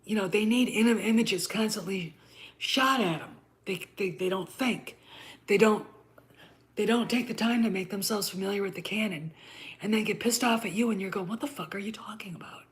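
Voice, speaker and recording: A woman's voice: mid-range voice, normal speed. Blunt, cursing woman ranting to viewers. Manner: blunt, profane, repeatedly asking "okay?". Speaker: channel host. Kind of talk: ranting commentary to camera.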